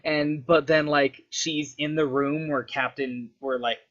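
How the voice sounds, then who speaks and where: A man's voice: a little high, fairly even intonation, a little slow, fairly bright tone. A young man telling a story in a loose, casual ramble, swearing and saying "like" a lot. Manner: loose, sweary, full of filler "like". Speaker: vlogger. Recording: dull lo-fi recording.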